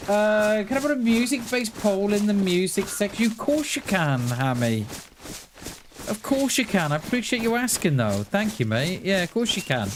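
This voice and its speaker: A man's voice: sits high, sing-song, moderate pace. A man streaming a survival game, chatting casually and answering his viewers, calling them mate and dude. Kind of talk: casual live-stream chat. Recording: clear game noise behind the voice.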